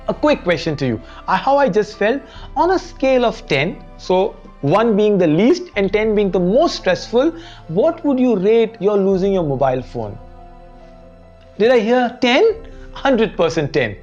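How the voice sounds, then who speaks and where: Lively Indian English woman teaching. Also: mid-range voice, a little slow, dull audio, soft background music. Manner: animated, asks the audience rhetorical questions. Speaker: education show presenter. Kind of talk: motivational lesson to the camera.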